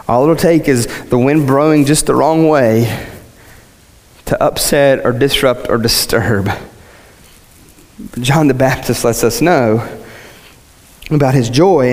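A man preaching a sermon, asking rhetorical questions and repeating phrases as his voice swings from low to high. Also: long reverb tail.

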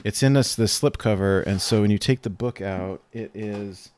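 A man's voice: on the low side, normal speed, darkish tone, no room sound. A man co-hosting a casual show, talking enthusiastically and rambling with fillers. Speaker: co-host. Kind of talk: casual chat.

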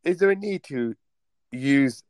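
A man's voice: medium pitch, animated, a little slow, no echo. A man with an English accent on a video chat, prim and formal, often repeating himself. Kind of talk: casual video chat argument.

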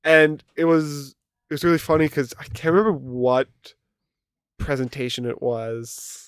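A man's voice: on the high side, flat delivery, measured pace, smooth, dry recording, studio quality. A young man co-hosting a podcast, telling rambling stories in casual chat and swearing often. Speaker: podcast co-host.

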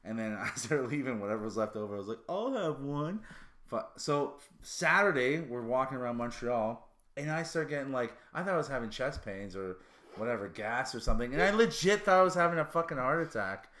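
A middle-aged man co-hosting a podcast, telling crude joking stories in casual chat, his voice jumping high when he gets excited. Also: fairly quick. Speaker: podcast co-host.

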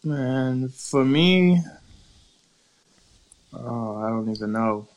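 A man's voice: medium pitch, animated, very slow, low-quality recording. Regular-voiced guy thinking back on sports memories, reflective. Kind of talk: casual sports chat.

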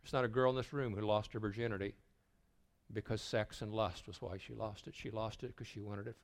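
A man's voice: fairly low pitch, fairly even intonation, fairly quick, gravelly. Older man preaching with a storyteller's touch. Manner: storytelling, dropping to a hushed voice for tender moments; repeats words when starting a thought. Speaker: retreat speaker. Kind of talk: sermon.

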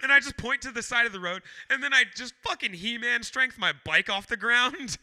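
A young man hosting a podcast, telling a story in a casual chat, animated and swearing a lot, loudly acting out what he said. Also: very high-pitched, moderate pace. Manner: animated, swears often, shouts when quoting himself. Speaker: podcast host.

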